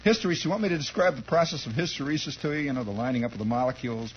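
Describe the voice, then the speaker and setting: A male radio host telling a rambling comic childhood story in an animated, chuckling, conversational way, on a dull lo-fi 1960s radio recording. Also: mid-range voice, rapid-fire, a little hiss or hum.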